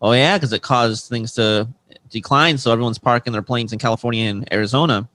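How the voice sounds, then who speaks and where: A man's voice: mid-range voice, a little fast, a bit bright. A man co-hosting a comedy podcast, reading odd news stories aloud and joking with friends, laughing and tripping over words. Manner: jokey, laughs often, stumbles over words. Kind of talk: casual banter.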